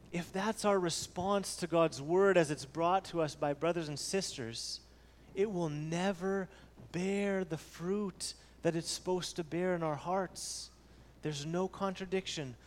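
Slow, high-voiced preacher in a reverberant hall. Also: male voice, slight background noise. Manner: earnest, repeats key phrases for emphasis; swings between soft low passages and raised emphatic ones. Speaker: pastor. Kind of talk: sermon.

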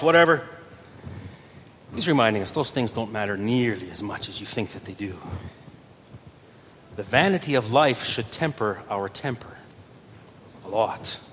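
A man preaching a sermon earnestly, his voice swelling louder on key phrases. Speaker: pastor. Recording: reverberant church hall with faint rumble.

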